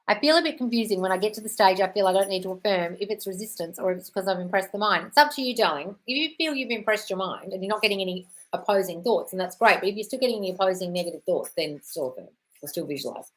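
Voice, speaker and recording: A woman's voice: mid-range voice, expressive, fast, low-quality recording. A woman hosting a live stream, reading out viewer questions and answering them in a breezy, chatty way, calling everyone darling. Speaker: host.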